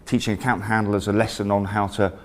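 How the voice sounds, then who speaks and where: A man's voice: fairly low pitch, level tone, a little fast. A man giving a comic, self-deprecating talk, telling a mock horror story with wry, profane asides. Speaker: invited speaker.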